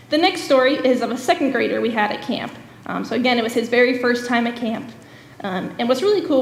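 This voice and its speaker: A woman, a camp director and guest speaker, giving a church message as earnest storytelling full of "um" fillers. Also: a little high. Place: church sanctuary. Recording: echoey church hall with long reverb.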